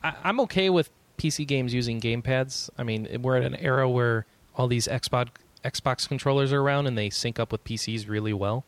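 A man hosting a casual podcast chat, easygoing and quick to laugh. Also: mid-range voice, no room sound. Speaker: podcast host.

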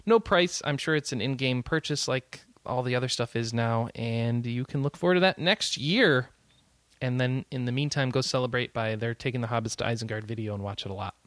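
A man's voice: medium pitch, brisk, a bit bright, no room sound. A man co-hosting a podcast, chatting casually through game news with frequent fillers and easy laughter. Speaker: podcast co-host.

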